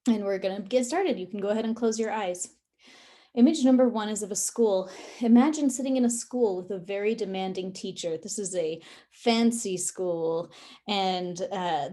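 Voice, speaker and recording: A woman leading a guided session for releasing perfectionism, speaking in a calm and instructive way, with tapping and breathing directions. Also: medium pitch, normal speed. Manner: calm, instructive, with some fillers.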